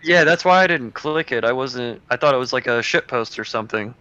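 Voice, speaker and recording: Bright-voiced man on a dull, dry mic. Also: mid-range voice, a little fast, smooth, no echo. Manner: chatty, restarts and hedges. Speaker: guest. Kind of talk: casual livestream chat.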